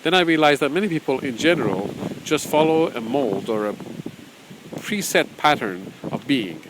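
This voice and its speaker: A man's voice: fairly high pitch, expressive, normal speed, background noise. A man as a spiritual teacher, talking casually and rambling through his own book, repeating phrases and chuckling often.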